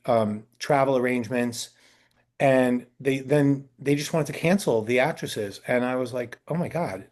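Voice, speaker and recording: A man's voice: mid-range voice, darkish tone. Chatty male talent agent telling stories. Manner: chatty storytelling, acting out quoted people; frequent fillers and restarts. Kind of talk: casual interview answers. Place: indoor sit-down interview.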